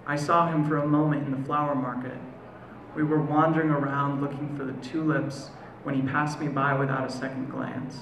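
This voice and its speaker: American man performing spoken word, gravelly. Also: medium pitch, level tone, fairly bright tone. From United States. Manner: measured, deliberate delivery with slow, lingering pauses. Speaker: poet. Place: live performance venue. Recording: echoey room, faint ambient noise.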